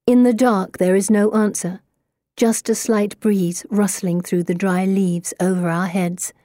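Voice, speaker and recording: A woman reading a first-person audiobook in a measured, even way. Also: medium pitch, no echo, clean studio sound. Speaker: audiobook narrator. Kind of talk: scripted first-person narration.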